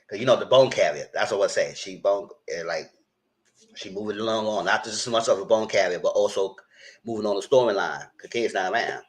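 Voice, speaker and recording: Male reality-TV commentator, lively sassy delivery with big pitch swings, casual live chat. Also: fairly quick. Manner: animated, sassy, frequent squealing jumps in pitch when mimicking. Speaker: commentator reviewing a reality show.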